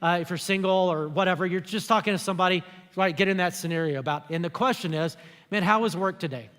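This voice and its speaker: A man's voice: high voice, fairly even intonation, quick pace, fairly bright tone, smooth, in a large hall. A man preaching a sermon as pastor, speaking conversationally and acting out the lines he quotes. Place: church auditorium.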